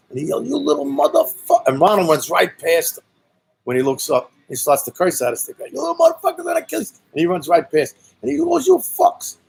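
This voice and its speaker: A man's voice: medium pitch, creaky, breathy edge, poor audio. A man from Brooklyn with a Brooklyn accent telling a story in a blunt, profane, rambling way, full of "you know"s. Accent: Brooklyn New York. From Brooklyn, New York. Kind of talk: casual spoken storytelling.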